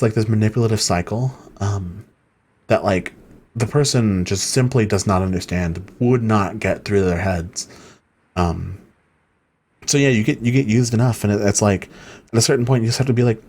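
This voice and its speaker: A man's voice: fairly low pitch, normal speed, a little mellow. A man giving let's play commentary, rambling and heartfelt with lots of fillers. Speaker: game streamer.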